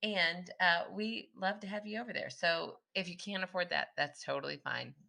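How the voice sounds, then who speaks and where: Low-voiced bright chatty woman podcast host. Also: normal speed, creaky. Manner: chatty, laughs often. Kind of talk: casual chat.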